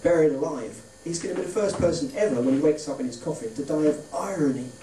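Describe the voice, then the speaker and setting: A man with a fairly high voice talks fast through a stand-up set on a club stage, delivering dry one-liners and offhand asides. The roomy club recording places him distant from the mic, with background noise and audience laughter.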